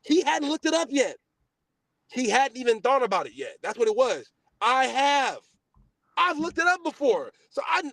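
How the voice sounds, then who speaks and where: A young man hosting a podcast, ranting in a boastful, profane, casual way, swinging between loud outbursts and low mutters. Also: dry recording. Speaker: podcast host. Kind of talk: heated casual podcast rant.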